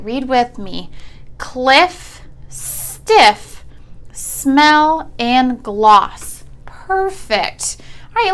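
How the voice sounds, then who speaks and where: A young woman teaching a phonics lesson for children, with a fairly high voice. She speaks slowly and patiently, sounding out each word with careful, clear enunciation. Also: a bit bright.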